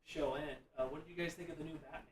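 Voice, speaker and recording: A man's voice: fairly high pitch, fairly even intonation, racing, a little hiss or hum. A man co-hosting a live stream, chatting casually and chiming in with easygoing remarks. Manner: easygoing, chimes in briefly. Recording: roomy, distant mic on a stream.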